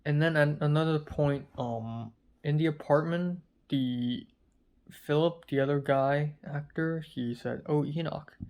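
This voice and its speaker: A man's voice: on the high side, a little mellow, clear, resonant tone. A sleepy man from Hong Kong, rambling through a casual video diary with lots of fillers. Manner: rambling, halting, many fillers. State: tired and sleepy. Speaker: vlogger.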